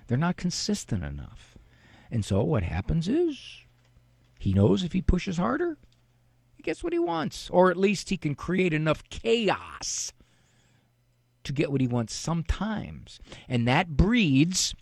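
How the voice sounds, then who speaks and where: A middle-aged man hosting a radio advice show, talking in a casual, animated, folksy way. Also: fairly high pitch, creaky, no room sound. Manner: animated, folksy, acts out parents' quotes. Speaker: radio show host and psychologist.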